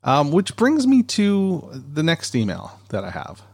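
A man's voice: a little high, huge pitch swings, unhurried, a little mellow, slightly rough. A man hosting a podcast, rambling and chatty in a casual monologue, recorded on a studio dynamic mic. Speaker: podcast host.

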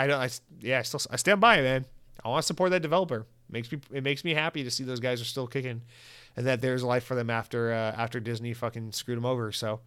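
A young man hosting a podcast, reading listener comments and ranting in a casual, profane, animated way. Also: medium pitch, smooth.

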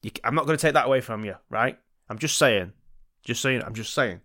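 A man's voice: mid-range voice, fairly quick, a bit bright, close to an everyday voice. A man doing a chirpy, pushy little fairy. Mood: insistent. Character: cheeky small male fairy granting wishes.

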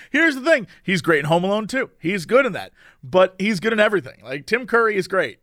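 Casting: high-pitched excitable guy, rambling podcast co-host, dry mic. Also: normal speed, dry recording. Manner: excitable, rambling, laughs often. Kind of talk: casual chat.

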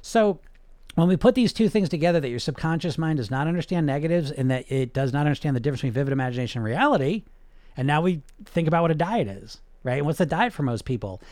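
A man's voice: on the high side, animated, fast, a little mellow, no room sound. A man, a hypnotist hosting a podcast, talking in an emphatic, blunt way with lots of rhetorical questions and the odd swear word. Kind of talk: motivational podcast monologue.

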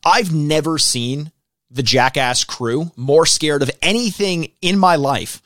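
A man co-hosting a podcast in casual chat, swearing freely and stumbling over repeated words when he gets excited. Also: on the high side, slow pace, dry recording, studio quality. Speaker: podcast co-host.

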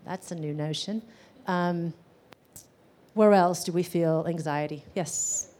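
Woman, class teacher, low-pitched, conversational, full of "um" and "right?". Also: slow, darkish tone. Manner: conversational, questions to the audience, many "um"s and "right?". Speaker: gestalt therapy teacher. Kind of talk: live class lecture.

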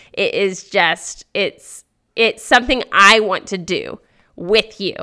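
A woman's voice: mid-range voice, creaky. A woman hosting a faith-based podcast monologue. She talks earnestly and with energy, firing off rhetorical questions. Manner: animated, full of rhetorical questions; earnest and encouraging. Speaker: podcast host.

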